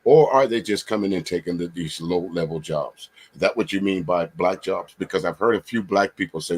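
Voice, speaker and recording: A man's voice: deep voice, normal speed, slightly rough. A man hosting a comedic livestream panel, asking long winding questions with many fillers and restarts. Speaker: livestream host. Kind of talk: casual comedic panel chat.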